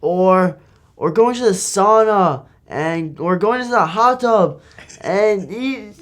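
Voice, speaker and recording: Young man, guest, slow, laid-back, fairly high voice. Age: young adult. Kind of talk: casual interview.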